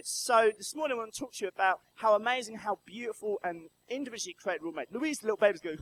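Casting note: high-pitched church speaker, energetic and swooping, questions the crowd mid-story. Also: male voice, very fast, few pauses, low-quality recording. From Brighton, England. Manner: storytelling, asks the audience questions. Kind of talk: lively children's talk in church.

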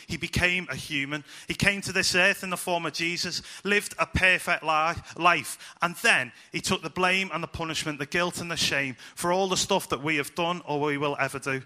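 A man preaching an informal sermon to a church congregation, lively and chatty, asking the children questions and joking with them. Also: on the high side, moderate pace, few pauses.

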